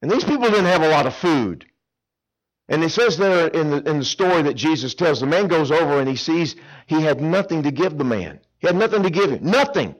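A male preacher giving a sermon, telling a Bible story in an animated, folksy way with humor. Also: a little high, a little fast, low-quality recording.

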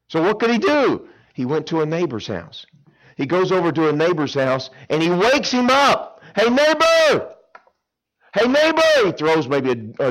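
A male preacher giving a sermon, telling a Bible story in an animated, folksy way with humor. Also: medium pitch, rough recording.

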